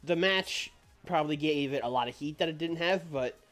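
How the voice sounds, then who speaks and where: A man's voice: fairly high pitch, moderate pace, fairly bright tone. A male streamer giving rambling casual commentary while playing a management game, with many fillers. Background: music.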